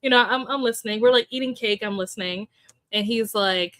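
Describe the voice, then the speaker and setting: A woman's voice: on the high side, brisk, fairly bright tone, no echo. Chatty young woman hosting a livestream. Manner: chatty, laughs often, greets viewers by name. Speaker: livestream host. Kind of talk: casual chat with live chat readers.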